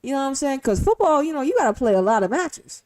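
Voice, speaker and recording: High, lively woman streamer. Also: fast. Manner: animated, swinging from loud to hushed; rhetorical questions. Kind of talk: casual profane commentary.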